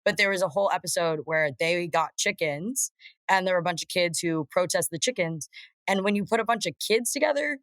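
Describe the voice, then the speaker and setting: A woman guest on a podcast, chatting casually with quick, emphatic talk and frequent laughs. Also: fairly low pitch, a bit bright, dry recording. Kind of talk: casual chat.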